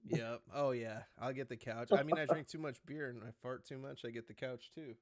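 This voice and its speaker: A man's voice: mid-range voice, brisk, a crowd in the background. A young man co-hosting a casual chat, rambling, swearing and laughing often. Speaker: podcast co-host.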